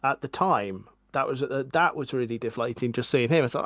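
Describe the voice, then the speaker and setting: A man in his forties co-hosting a podcast, chatting casually in a measured, reflective way. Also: mid-range voice, dry recording. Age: 40s. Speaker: podcast co-host. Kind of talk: casual chat.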